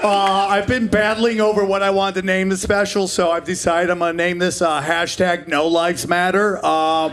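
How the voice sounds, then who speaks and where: A man in his forties doing a stand-up comedy set, brash and profane, shouting his punchlines and acting out the people in his stories. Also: high-pitched, little pitch movement, moderate pace, few pauses, a faint crowd. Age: 40s. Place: comedy club stage in front of a live audience.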